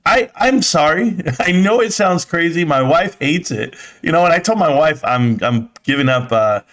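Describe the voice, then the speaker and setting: On a casual stream, a man reads viewer comments in a rambling, chatty way and swears occasionally. His voice is on the high side and fairly bright, with lively intonation and a moderate pace.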